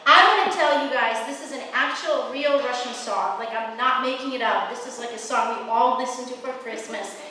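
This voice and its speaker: A young woman performs stand-up in a high, rambling voice full of filler words and self-mockery. She sounds far from the mic, with a long hall reverb and a faint hiss. The tone stays self-deprecating. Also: normal speed, hardly any pauses, pushed and bright. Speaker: stand-up comedian. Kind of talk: stand-up comedy set. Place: stage in a large hall.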